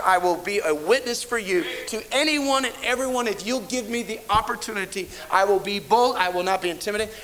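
Man, middle-aged, pastor, storytelling sermon, rambling, fairly high voice. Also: a bit bright, a little hiss or hum, rough recording. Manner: rambling anecdotal delivery with frequent restarts.

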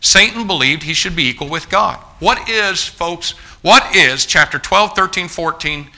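A male pastor delivers a sermon to a congregation in a church, with a very bright, tense and cutting tone. He is emphatic and insistent, repeats himself as he restarts phrases, and keeps addressing the room directly. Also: a little high, lively intonation, unhurried. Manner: emphatic preaching, often restarting phrases and calling out to the congregation as folks.

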